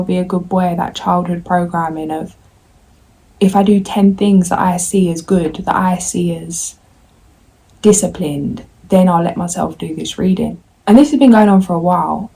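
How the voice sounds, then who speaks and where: A woman tarot reader talks candidly and at length to her viewers, rambling and slipping into her inner self-talk. Her voice sits low and gravelly, with a husky, mellow grain. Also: low-quality recording. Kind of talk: candid confessional vlog.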